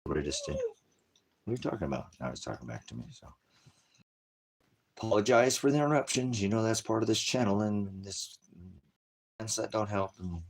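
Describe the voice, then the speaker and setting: A man's voice: lowish voice, wildly swooping pitch, normal speed, long pauses, breathy edge. A man hosting a casual livestream, rambling and joking, often breaking off to baby-talk his dogs. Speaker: livestream host.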